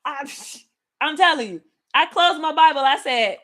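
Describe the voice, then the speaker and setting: A woman hosting a livestream Bible study, teaching in an excited, casual way and talking straight to her viewers. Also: high voice, moderate pace. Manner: animated, laughing, talks to viewers as y'all.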